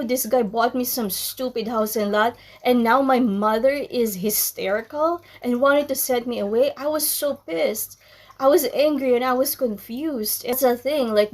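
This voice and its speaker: A young woman from the Philippines telling a personal story to her viewers, candid and chatty, full of ums and likes. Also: a little high. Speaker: vlogger. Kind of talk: casual storytelling to camera.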